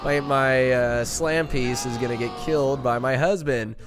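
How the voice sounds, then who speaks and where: A man voicing a panicked, shallow young queen in a whiny, squealing falsetto. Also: fairly even intonation, a little slow, over music, crowd noise, lightly acted.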